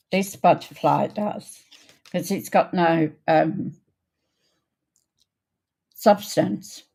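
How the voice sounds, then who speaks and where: An older woman hosting a casual card-making livestream, chatting in an unhurried way with many ums and greeting viewers by name. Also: on the low side, vocal fry, a little mellow. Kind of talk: casual crafting livestream chat.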